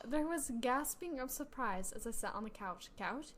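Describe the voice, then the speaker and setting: A woman's voice: fairly high pitch, expressive, normal speed, fairly bright tone, slight background noise. Giggly woman reading aloud on a podcast. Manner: giggly, reacts with mock outrage. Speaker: podcast co-host. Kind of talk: casual chat, reading a story aloud.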